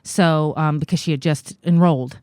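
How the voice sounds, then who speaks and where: An American woman in her forties, a guest in an interview, telling a personal story in a halting, earnest way with many fillers. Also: low voice, steady tone, darkish tone, smooth, no echo, studio quality. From United States. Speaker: guest, congressional candidate.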